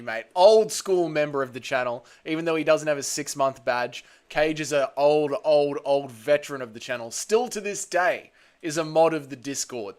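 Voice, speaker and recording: A young Australian man hosting a casual livestream, a little hungover, bantering loudly with chat and calling everyone mate and brother. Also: a little high. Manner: loud, blokey banter with frequent "mate" and "brother". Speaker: livestream host.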